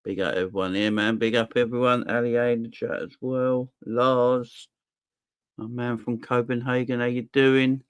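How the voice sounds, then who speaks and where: A young man hosting a football fan livestream, casually and cheerfully shouting out viewers in the chat. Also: medium pitch, level tone, moderate pace, clear, resonant tone, dry recording. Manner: upbeat, shouting out viewers by name. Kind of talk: casual live-stream chat.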